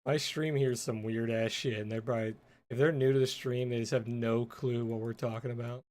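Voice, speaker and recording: A man's voice: medium pitch, steady tone, brisk, darkish tone. A man hosting a trading stream, laid-back and amused in casual banter.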